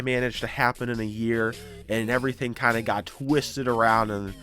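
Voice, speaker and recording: A YouTuber casually recapping a story, animated and acting out the characters' lines. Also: male voice, medium pitch, moderate pace, soft background music.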